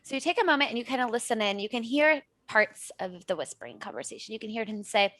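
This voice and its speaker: A woman's voice: a little high, very animated, quick pace, hardly any pauses, sharp tone, dry recording. A woman narrating a tabletop game as game master, in a loose, chatty way with many fillers.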